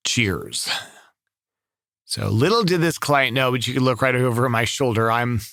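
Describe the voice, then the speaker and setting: A middle-aged voice-over artist from Southern California with a relaxed local accent, chatting casually to camera with many restarts. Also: male voice, medium pitch, fairly quick, no room sound, studio quality.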